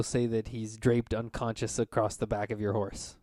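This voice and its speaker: A man narrating as game master of a tabletop game, relaxed and halting with many fillers. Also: on the low side, no echo, clean studio sound.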